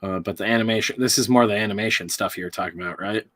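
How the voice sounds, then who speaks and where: A man's voice: on the low side, racing, fairly bright tone. A young man co-hosting a podcast, chatting casually with crude jokes and frequent laughter. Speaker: podcast co-host. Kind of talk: casual chat.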